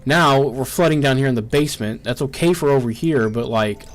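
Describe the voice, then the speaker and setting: A man with a mid-range voice and a drawl narrates his game live into a desk microphone. He swears freely and repeats "no" in rapid streaks as his colony falls apart. His delivery swings between pleading and fed-up grumbling. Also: medium pitch. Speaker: gameplay streamer. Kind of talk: live gameplay commentary.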